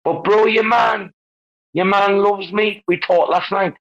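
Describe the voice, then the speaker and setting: A boisterous man who rambles and swears his way through loose banter, his pitch jumping all over the place. His voice comes through a muffled, lo-fi online call line. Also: fairly even intonation, unhurried, vocal fry, fairly bright tone. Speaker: guest speaker in a crypto audio space. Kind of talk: rowdy casual banter.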